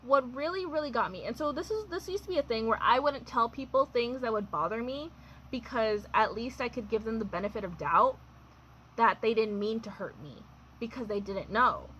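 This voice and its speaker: A woman's voice: on the high side, lively intonation, normal speed, fairly bright tone, lo-fi sound, slight background noise. A young adult woman telling a personal storytime in a chatty, wry way, full of fillers and laughs. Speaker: vlogger. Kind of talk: casual storytime.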